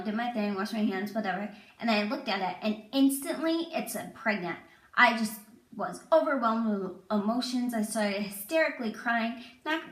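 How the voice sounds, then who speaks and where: A woman's voice: medium pitch, fairly bright tone. A young woman telling a personal story to camera in a casual, rambling way, full of "like.". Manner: chatty, rambling, lots of "like". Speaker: vlogger. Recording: echoey room.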